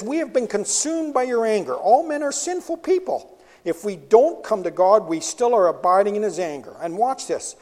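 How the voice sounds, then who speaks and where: A man preaching in a large hall, his voice high and swinging widely in pitch. He pushes hard on key phrases, then sinks to near a whisper. Long reverb trails every line. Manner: animated, emphatic, drops to a hush on quiet phrases. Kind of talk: sermon.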